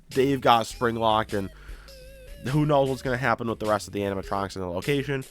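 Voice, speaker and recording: Man, casual story recap, animated, middle pitch, faint background music. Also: a little fast. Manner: animated, acts out characters' lines. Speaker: YouTuber.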